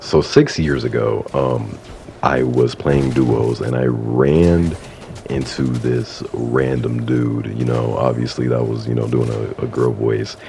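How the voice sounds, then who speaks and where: A man's voice: very deep voice, creaky, darkish tone, slight background noise. A young man telling a casual story time as a YouTuber, rambling with lots of fillers and laughing at himself. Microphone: console setup mic.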